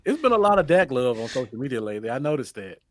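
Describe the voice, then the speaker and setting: A man's voice: medium pitch, sing-song, fast talker. A man hosting a call-in podcast, talking casually and easily to listeners. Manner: easygoing, talks to the audience. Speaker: podcast host running call-ins. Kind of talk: casual chat.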